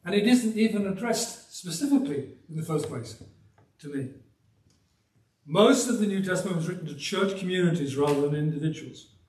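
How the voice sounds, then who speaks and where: An older English man from the West Midlands preaching a sermon, with a softened accent and a folksy, emphatic manner and little chuckles. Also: high voice, expressive, normal speed. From Black Country, West Midlands of England. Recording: roomy, from some distance.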